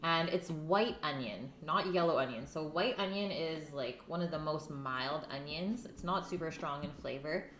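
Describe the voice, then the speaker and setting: A woman's voice: sits low, moderate pace, few pauses, a bit bright, slight background noise. A young woman hosting a casual live-stream cooking show from her home kitchen, chatting with viewers and reading their names out. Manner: chatty, reads chat names aloud, talks while eating. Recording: echoey kitchen, faint music.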